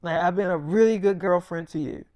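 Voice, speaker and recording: A man's voice: high-pitched, a little fast, a little mellow, smooth, no room sound, studio quality. A man voicing a pleading defensive girlfriend.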